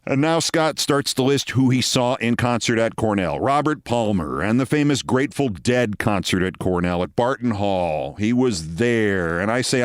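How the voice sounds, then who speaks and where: A man's voice: medium pitch, no echo, clean studio sound. A man hosting a show, telling a long personal story and acting out the people in it. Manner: lively anecdote-telling, acting out quoted people. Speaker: host. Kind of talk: storytelling monologue.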